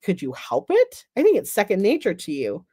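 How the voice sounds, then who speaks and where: A woman's voice: mid-range voice, huge pitch swings, moderate pace, warm tone, breathy edge. A woman reading the lines of a wry, self-conscious young woman who is wary of dating.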